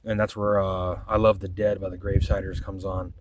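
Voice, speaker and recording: A lower-voiced man tells a long casual story, swearing freely and stumbling over restarts. He sits a little back from the mic, with a faint hiss behind him. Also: flat delivery, a little fast, recorded from a distance, highs cut off. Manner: rambling, profane, restarts often, quotes himself. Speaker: vlogger.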